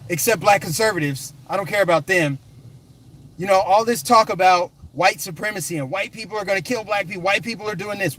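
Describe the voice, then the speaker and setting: A man from the United States rants on a political vlog, hammering points in punchy, repeated bursts. His voice sits high for a man. The delivery stays combative and emphatic throughout. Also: fairly bright tone. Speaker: political commentary vlogger. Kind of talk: fired-up ranting commentary.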